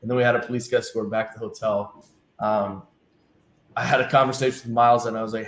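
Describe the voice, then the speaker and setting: A man's voice: mid-range voice, fast talker. A man, a team's travel director, telling stories in a casual interview and acting out the dialogue. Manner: animated anecdotes, acting out quoted dialogue. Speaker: team travel director, guest. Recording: echoey room with faint ambience.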